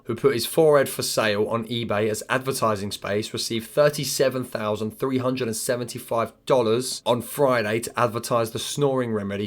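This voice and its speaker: A young man reacting to odd online listings in comedic commentary, animated and profane, with mumbled asides. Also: fairly low pitch. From United Kingdom. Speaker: commentary host.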